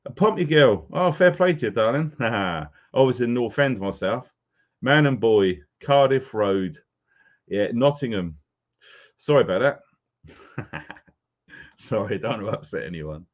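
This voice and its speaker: A man's voice: mid-range voice, lively intonation, unhurried, long pauses. A man hosting a live stream, casually greeting viewers by name as they join. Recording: dull lo-fi sound.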